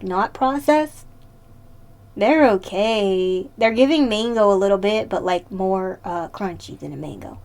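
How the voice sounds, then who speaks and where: Chatty woman streamer, slightly high voice. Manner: chatty and playful, answers chat, laughs often. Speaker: live streamer. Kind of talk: casual live-stream chat.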